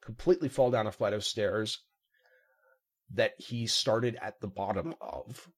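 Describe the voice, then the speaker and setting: A man casually chatting as a player in a tabletop game, hesitant and rambling with many pauses. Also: lowish voice, husky. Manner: rambling, hesitant, full of ums.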